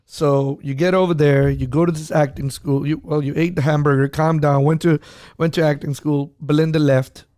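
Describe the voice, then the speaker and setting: A man's voice: a little high, little pitch movement, normal speed, darkish tone, no room sound, clean studio sound. A man hosting an interview and asking questions in a loose, conversational way. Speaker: host. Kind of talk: casual interview chat.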